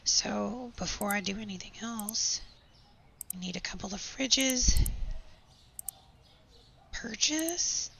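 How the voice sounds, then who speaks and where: A woman, hoarse with her voice nearly gone, chatting and venting sarcastically while playing a game. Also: medium pitch, unhurried, a bit bright. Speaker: gaming channel host. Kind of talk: casual gameplay chat with storytelling. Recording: slightly dull home recording with faint background noise.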